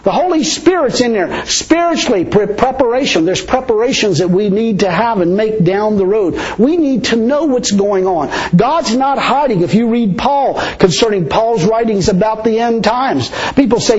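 High-voiced preacher, lo-fi. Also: male voice, lively intonation, moderate pace, a little mellow. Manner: chuckles often, repeats words for emphasis. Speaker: pastor. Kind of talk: sermon. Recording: dull lo-fi recording.

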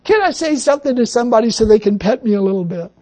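A man's voice: sits high, expressive, rapid-fire, a little mellow. A man voicing his own whiny, self-pitying flesh, whimpering and pleading for sympathy.

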